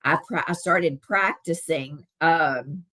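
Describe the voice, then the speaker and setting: Low-voiced Southern woman chatting live. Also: slow pace, sharp tone. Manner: chatty, answers comments, many fillers. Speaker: wellness live-stream host. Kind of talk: casual live-stream chat with viewers.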